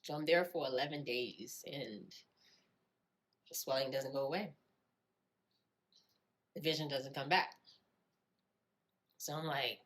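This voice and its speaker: A woman telling her own life story in a reflective way, often repeating phrases and filling pauses with "you know". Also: rumbling low, fairly bright tone. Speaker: storyteller sharing her experience. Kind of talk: personal storytelling.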